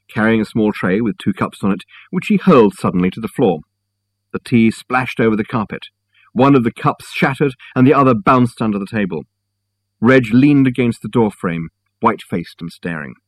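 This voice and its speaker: A male narrator reads the story in a steady, measured way. His voice sits low with a husky grain. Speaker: audiobook narrator. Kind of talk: scripted narration.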